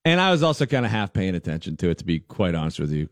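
A man's voice: deep voice, rapid-fire, no echo, studio quality. A man co-hosting a casual chat, telling stories animatedly and acting out the people he quotes. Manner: animated storyteller who acts out quoted people. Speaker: podcast co-host.

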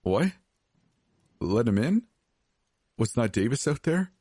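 A man's voice: mid-range voice, big pitch swings, takes it slowly, mellow, husky, dry recording, studio quality, voice pushed up, heavily acted. A man voicing a terrified young woman in a horror story, speaking in a shaky, pleading voice raised well above his own.

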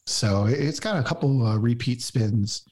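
Casting: male co-host, husky, frank, opinionated. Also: medium pitch, moderate pace, darkish tone. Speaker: podcast co-host. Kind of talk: casual chat.

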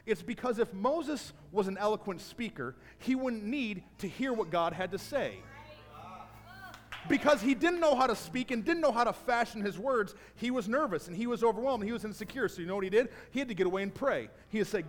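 A man preaching a sermon to a congregation in a church, telling Bible stories and building to a shouted call to action. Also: high voice, expressive, brisk. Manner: builds from storytelling to shouted exhortation. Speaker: pastor. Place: church sanctuary. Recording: long hall reverb.

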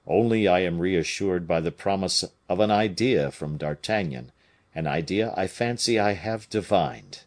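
A man reading a novel aloud, voicing a subtle, gloomy male bishop who was once a musketeer, in a measured way. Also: low-pitched.

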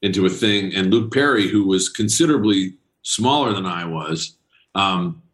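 Low-voiced man telling stories. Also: normal speed, fairly bright tone. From New England. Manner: anecdotal, laughing, does voices in quotes. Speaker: guest actor. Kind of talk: casual interview storytelling.

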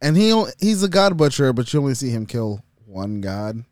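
A man's voice: medium pitch, sing-song, moderate pace, darkish tone, no echo, clean studio sound. A man in a casual podcast chat, matter-of-fact and correcting the others. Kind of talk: casual movie discussion.

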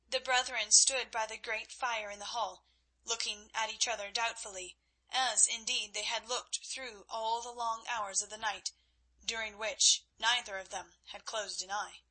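A woman reads a novel aloud in steady, even narration. Her voice is bright and slightly breathy, a bit higher than average. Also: low-quality recording. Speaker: audiobook narrator. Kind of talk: scripted narration.

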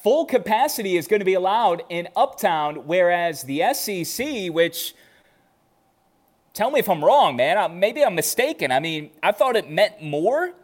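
A man's voice: high-pitched, normal speed. A young adult man from Chicago co-hosting a sports podcast, telling stories with lots of energy in casual chat. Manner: energetic, animated storytelling. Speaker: podcast co-host.

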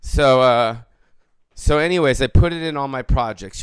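A man in his late forties ranting on his own podcast, rambling and swearing, with loud bursts of bravado and mumbled trailing fillers. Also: medium pitch, expressive, moderate pace, clean tone, no room sound. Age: 40s. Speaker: podcast host. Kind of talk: profane comedic rant.

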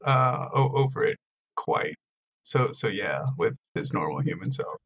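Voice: medium pitch, sing-song, unhurried, vocal fry, a bit bright, highs cut off. A tabletop game player describing a character's actions in a casual, hesitant way.

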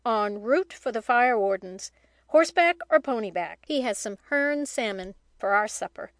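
A hearty middle-aged father who talks in brisk, cheerful bursts, read by a woman in an audiobook. The voice is fairly high and recorded dry and close. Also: lively intonation, dry recording. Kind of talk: audiobook reading.

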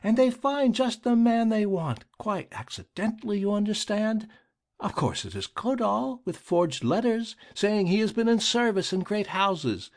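A man doing a rasping grim deputy. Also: sits high, expressive, a little slow, voice pushed up. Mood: accusing. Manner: accusing, relentless questioning. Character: grim rasping middle-aged male deputy.

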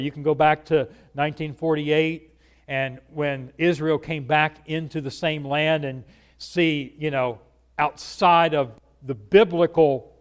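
An earnest male preacher delivering a conversational sermon with a slightly raised pitch. He speaks to his listeners directly and keeps throwing rhetorical questions at them.

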